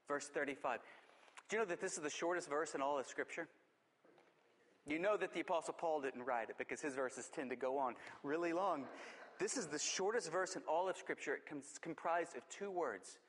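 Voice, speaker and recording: A man preaches from the pulpit in a somewhat high voice. He presses hard on some phrases and sinks to quiet, slowed words on others. His voice carries a long reverb from a large hall. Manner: swings between urgent emphasis and hushed, drawn-out delivery. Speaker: pastor. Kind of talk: sermon.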